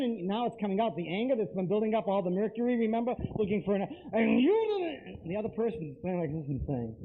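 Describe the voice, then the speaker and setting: A man's voice: high voice, sing-song, quick pace, breathy edge. A man giving a live lecture to an audience, talking emphatically and straight to them with repeated phrases. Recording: tinny lo-fi lecture recording.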